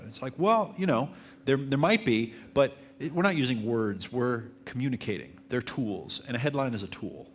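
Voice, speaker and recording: A man teaching marketing at a live seminar, answering audience questions in a fairly even, self-described monotone manner. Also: medium pitch, moderate pace, a little hiss or hum. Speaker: marketing instructor.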